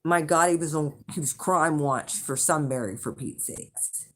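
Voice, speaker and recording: A woman with a fairly low-pitched voice tells a rambling, chatty story to her viewers. She swears freely, restarts her sentences and laughs along the way. Her delivery is loose and conversational. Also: a little slow. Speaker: channel host, intuitive reader. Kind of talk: casual storytelling to the camera.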